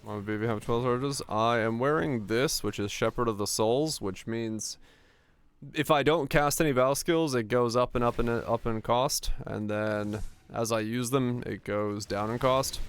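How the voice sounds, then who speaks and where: A man's voice: medium pitch, measured pace, smooth. A man casually commenting while he plays a game on stream, rambling and answering chat questions as he goes.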